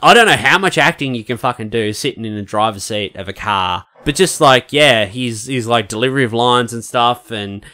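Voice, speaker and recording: A man co-hosting a podcast, talking through a film in a loose, rambling way, with "like" dropped into nearly every phrase and casual swearing along the way. His tone is bright and a little forceful, at a middle pitch. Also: expressive, moderate pace, few pauses. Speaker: podcast co-host. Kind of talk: casual film review chat.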